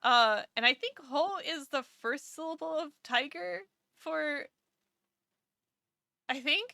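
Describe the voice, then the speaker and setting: Woman VTuber, bright tone, unhurried sleepy rambling chat to viewers. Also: high voice, animated, creaky, dry recording, studio quality. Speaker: VTuber streamer. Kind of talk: casual live-stream chat.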